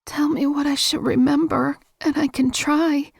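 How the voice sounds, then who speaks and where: A woman's voice: high-pitched, steady tone, measured pace, vocal fry, dry recording, clean studio sound, pitched above the performer's own voice. A woman voicing a frightened young woman in an audiobook, anxious and pleading. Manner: pleading, anxious, slightly raised. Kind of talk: audiobook character voice.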